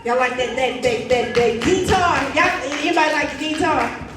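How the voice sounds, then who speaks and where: A woman's voice: sits high, normal speed. A woman hosting a school poetry slam, teasing and rallying the crowd with a preacher's flair. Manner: playful, teasing, calls on the crowd. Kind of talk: lively emcee banter with a preacher's flair. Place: school auditorium. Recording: echoey hall from far off, music behind.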